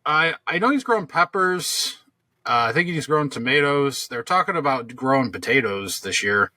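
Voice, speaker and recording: A man's voice: mid-range voice, lively intonation, moderate pace, pushed and bright, no echo. A man co-hosting a podcast, telling a long story in casual chat, rambling with lots of fillers and restarts. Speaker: podcast co-host.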